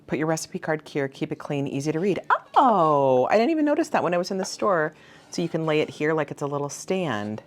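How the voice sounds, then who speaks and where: Bubbly low-voiced woman gushing over finds. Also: very animated, a little fast. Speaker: vintage reseller vlogger. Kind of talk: casual thrift haul show-and-tell.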